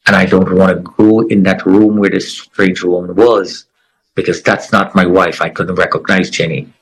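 A middle-aged man giving an earnest, emotional personal testimony as an interview guest, with dramatic pauses. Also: sits low, fairly even intonation, low-quality recording.

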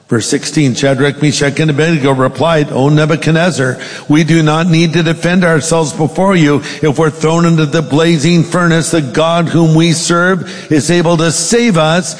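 A man with a fairly high voice delivers a sermon. He reads scripture with dramatic emphasis and then turns to address the congregation directly. His voice carries a long reverb from a large sanctuary. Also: steady tone, normal speed, hardly any pauses. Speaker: pastor.

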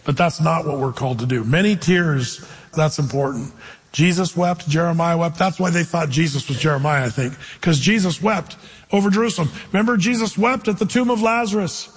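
A male pastor preaches in a chatty, animated way, tossing in jokes between his points. His voice sits fairly high for a man and has a husky edge. A long reverb rings after his words, as in a big church hall. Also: brisk. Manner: animated, conversational preaching with jokey asides. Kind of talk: sermon.

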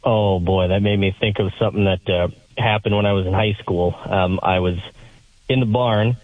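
A man's voice: fairly low pitch, fairly even intonation, normal speed, no room sound. A man calling in to a radio show, telling a story animatedly and mimicking voices as he goes. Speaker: caller. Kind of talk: storytelling phone call. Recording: tinny phone line.

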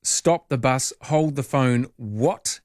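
A man's voice: slow, darkish tone, dry recording. Chatty New Zealand man on air, dry sound. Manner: playful, indignant tongue-in-cheek asides with sudden high pitch jumps. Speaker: radio host. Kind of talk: casual talk radio chat.

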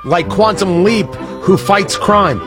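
A man hosting a radio show, with a slightly high voice and a loose, self-mocking, jokey way of talking. Faint music plays under him in the studio. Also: takes it slowly. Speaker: radio host. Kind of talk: casual on-air banter.

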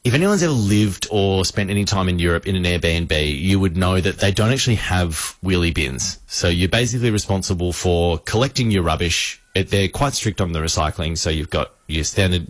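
A man on a radio show tells an anecdote, with a fairly low voice. He acts out the people in his story with gusto. The studio sound is close and dry. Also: brisk, no room sound. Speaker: radio host.

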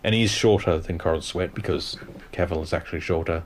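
A man's voice: low voice, quick pace, a little hiss or hum. A man chatting casually about films, trailing off and restarting his sentences.

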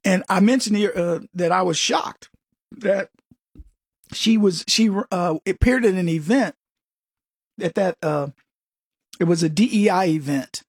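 A man hosting a talk radio show, telling personal stories and giving opinions in a rambling, animated way. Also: sits high, unhurried, long pauses, slightly rough, no echo, studio quality. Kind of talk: casual talk radio monologue.

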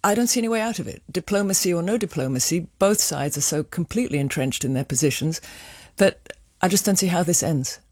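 A woman's voice: on the low side, lively intonation, fast talker, a little mellow, no echo, studio quality. A woman guest on a radio panel, giving her views in a thoughtful, earnest way. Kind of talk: discussion.

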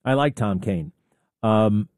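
A man's voice: lowish voice, slow, a little mellow, clear, resonant tone, dry recording, studio quality. A man hosting a talk radio show, rambling and sarcastic with offhand asides. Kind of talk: opinionated talk radio commentary.

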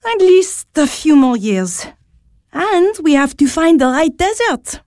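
A woman's voice: sits high, sing-song, slow, darkish tone, no echo, studio quality, full character voice. A woman playing a patient, motherly older sister. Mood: soothing. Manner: soothing, patient. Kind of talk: audio drama acting.

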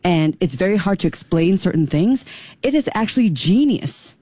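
A woman's voice: lowish voice, expressive, normal speed, dark tone, no room sound. A woman from Singapore, hosting a podcast in a chatty, enthusiastic manner. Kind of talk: casual podcast conversation.

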